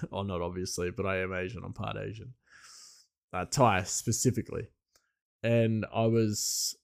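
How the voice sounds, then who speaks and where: A man's voice: on the low side, creaky. A man hosting a solo podcast in loose, rambling casual chat with frequent chuckles. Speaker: podcast host.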